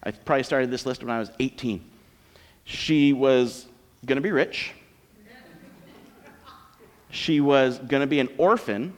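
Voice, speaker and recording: American pastor preaching in a reverberant hall. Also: male voice, mid-range voice, unhurried, pauses often. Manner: joking, conversational, lively preaching. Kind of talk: sermon. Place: church auditorium. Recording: long reverb of a church hall.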